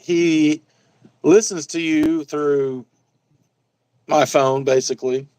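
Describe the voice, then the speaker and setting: Relaxed guy on a home stream, kinda high voice, totally dry no room sound. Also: slow pace, smooth, dry recording, rough recording. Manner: laid-back, laughs easily, reads out chat names. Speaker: guest and fellow collector. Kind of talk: casual livestream chat.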